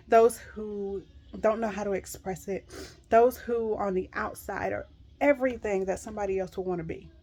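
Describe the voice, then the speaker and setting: A middle-aged woman with a warm, mid-range voice earnestly encourages viewers from a Christian perspective. Her devotional pep talk is heartfelt and emphatic, full of repeated reassuring phrases.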